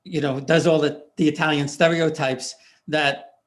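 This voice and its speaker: An older man hosts a relaxed interview in a fairly high voice for a man. He rambles through his own stories, stopping often on "uh" and starting sentences over. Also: unhurried. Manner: rambling, hesitant, many "uh"s and restarts. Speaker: interviewer, host. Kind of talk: casual interview chat.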